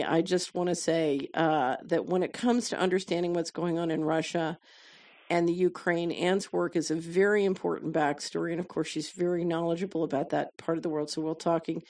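A woman host introducing her guest and asking questions in an earnest, measured way. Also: fairly low pitch, darkish tone.

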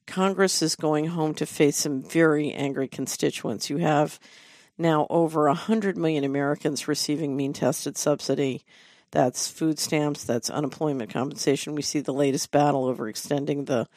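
A middle-aged woman hosting a talk show, delivering a measured, deliberate commentary monologue. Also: deep voice, darkish tone, no echo, studio quality. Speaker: host.

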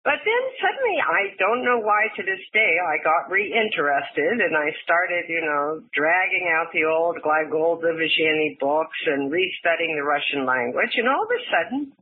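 An older woman journalist, a guest telling her story in an animated way and laughing often. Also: fairly low pitch, normal speed. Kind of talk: storytelling interview answer. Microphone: phone. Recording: tinny phone line.

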